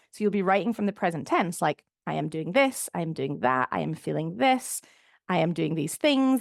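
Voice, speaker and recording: A woman's voice: lowish voice, gravelly, no echo, studio quality. A woman hosting a solo podcast as a goal coach, talking in a chatty, encouraging way with lots of "like" fillers. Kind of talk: casual solo podcast monologue.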